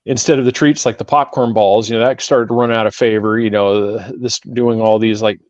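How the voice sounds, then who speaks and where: A middle-aged man co-hosting a podcast, explaining history in halting, rambling stretches. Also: on the low side, steady tone, darkish tone, no room sound, dull audio. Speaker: podcast co-host. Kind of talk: casual podcast chat.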